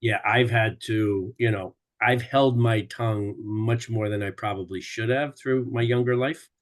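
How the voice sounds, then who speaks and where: A man with a lowish voice shares stories in a relaxed group conversation. He gets animated, mimicking loud relatives and then dropping back to an easy, reflective tone. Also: unhurried. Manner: animated storyteller, mimics family shouting. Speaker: group participant. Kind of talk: casual group chat.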